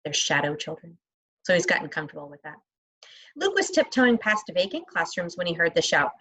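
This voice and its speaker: A woman's voice: on the low side, fairly quick, rough recording. Woman reading a children's novel aloud. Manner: expressive, voices the characters lightly. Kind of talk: reading aloud with asides to listeners.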